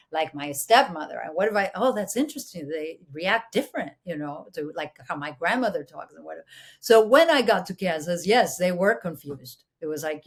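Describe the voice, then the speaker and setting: Animated woman from Mexico, a bit low. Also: a little fast. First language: Spanish. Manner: animated, full of restarts, playfully mimics voices. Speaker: actress and producer, guest. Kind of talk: conversational interview storytelling.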